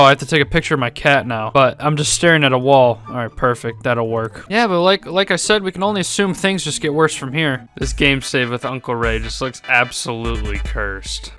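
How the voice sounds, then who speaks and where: A man's voice: medium pitch, fairly bright tone. A man commenting sarcastically on a video game as he plays, laughing often and feigning outrage. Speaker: gaming streamer.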